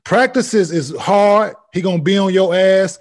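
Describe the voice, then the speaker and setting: Man, 40s, podcast co-host, blunt, profane slang, slightly high voice. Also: unhurried. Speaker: podcast co-host, former basketball player. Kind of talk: casual chat.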